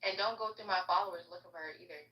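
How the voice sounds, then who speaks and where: A woman's voice: lowish voice, very fast, reverberant, muffled recording. A young woman in a casual chat, gossiping about friends with lots of "like" fillers.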